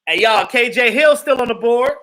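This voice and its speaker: Animated high-voiced man chatting live. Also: slight background noise, low-quality recording. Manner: animated, laughs often, acts out quotes. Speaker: live stream host. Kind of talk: casual chat reacting to viewers.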